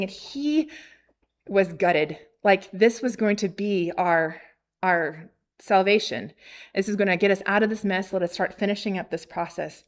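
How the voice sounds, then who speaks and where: A woman in her thirties gives a casual testimony to a women's church gathering. She tells it in an animated way, acting out what other people said and filling the pauses with ums and likes. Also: mid-range voice. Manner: animated, acts out quoted voices, frequent fillers. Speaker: missionary speaking at a ladies' ministry.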